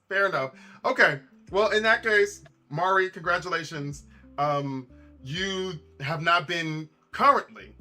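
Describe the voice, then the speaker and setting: A man's voice: a little high, pushed and bright. A man chatting casually on a live stream, rambling with lots of repeats and asides to his chat.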